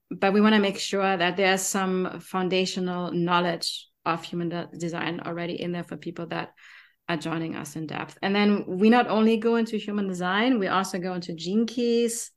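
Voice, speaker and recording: A woman's voice: on the low side, fairly even intonation, normal speed. A woman with a German accent, hosting a podcast in casual, enthusiastic chat with frequent fillers. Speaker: podcast host.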